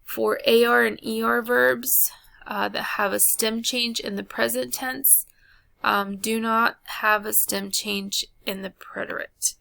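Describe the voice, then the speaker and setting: A woman's voice: a little high, vocal fry, no room sound. A woman teaching a Spanish grammar lesson, talking students through a chart with frequent ums and uhs. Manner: slow, flat delivery with frequent ums and uhs. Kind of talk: recorded classroom lesson.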